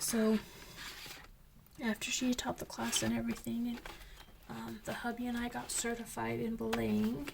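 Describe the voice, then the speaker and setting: A young woman and coloring channel host chatting casually as she tells a story, slipping into whispers when excited. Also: on the high side, moderate pace, gravelly, background noise. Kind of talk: casual chat while coloring.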